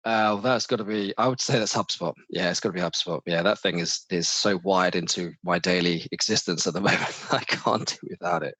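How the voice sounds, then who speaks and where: A middle-aged man, chatting casually as an interview guest, animated, often restarting his sentences. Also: low-pitched, fairly quick, few pauses, dry recording. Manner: animated, restarts often, mimics others' voices. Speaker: marketing manager, interview guest.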